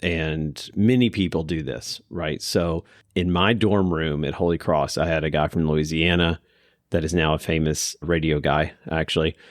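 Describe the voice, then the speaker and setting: A man's voice: very deep voice, steady tone, normal speed, dry recording, clean studio sound. A man with a Kentucky accent hosting a podcast interview in an office room, chatting in a rambling, self-deprecating way. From Kentucky, USA. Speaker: podcast host.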